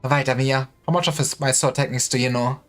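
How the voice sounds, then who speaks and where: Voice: medium pitch, steady tone, fast talker. Streamer doing dramatic game story read-through, voices for everyone, faint music behind. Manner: dramatic reading, voicing each character in turn. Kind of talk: reading a game story aloud.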